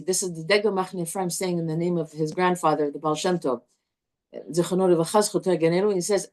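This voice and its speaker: A woman teaching a live Torah class to a group, animated and chatty, restarting her sentences often. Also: lowish voice, quick pace.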